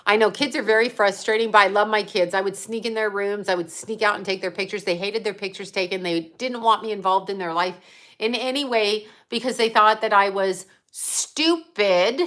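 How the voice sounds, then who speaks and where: A middle-aged woman with a bright, forceful voice, rambling casually to her livestream audience. She is blunt and emphatic and swears without a second thought, like a psychic medium speaking her mind. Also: mid-range voice, moderate pace.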